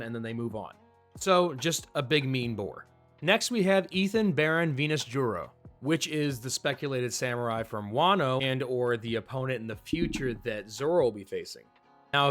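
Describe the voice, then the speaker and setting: A man's voice: medium pitch, a bit bright. Chatty man over faint guitar music. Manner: chatty, enthusiastic, with small restarts. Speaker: manga review host. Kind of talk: casual commentary.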